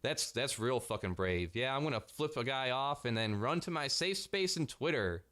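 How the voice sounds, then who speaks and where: A man's voice: mid-range voice, lively intonation, moderate pace, a bit bright. A man delivering a sarcastic, profanity-heavy commentary rant as a vlogger.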